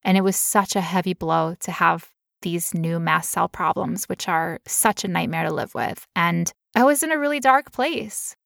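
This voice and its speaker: A woman's voice: lowish voice, moderate pace, gravelly, a bit bright, no room sound, clean studio sound. A woman telling a personal story in casual chat, candid and emotional, now and then putting on playful voices.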